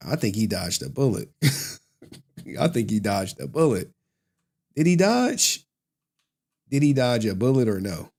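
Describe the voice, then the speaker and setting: A male streamer riffs in loose, slangy commentary, breaking into laughs often. His pitch leaps widely between lines. It feels like an unscripted late-night chat. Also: big pitch swings, a little slow, vocal fry, pauses often, a little mellow. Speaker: livestream host.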